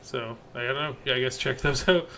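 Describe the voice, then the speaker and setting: A man's voice: medium pitch, fairly quick, pushed and bright. A man co-hosting a movie podcast in casual chat. He is laid-back and swears freely. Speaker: podcast co-host.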